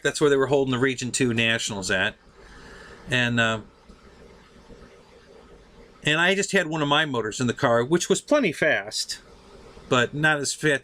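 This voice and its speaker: Bright-voiced man telling a story. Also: mid-range voice. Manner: laughs often, swears casually, acts out quotes. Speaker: show host telling a story. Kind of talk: casual storytelling.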